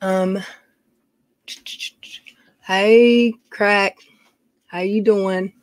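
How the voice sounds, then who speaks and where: A middle-aged woman with a drawl hosts a casual live stream from a dim room at home. She greets viewers by name and chats in a loose, folksy way. Her voice sits at an ordinary pitch and sounds dry and close to the mic. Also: steady tone, very slow, dry recording. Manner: chatty, reads viewer names aloud, folksy.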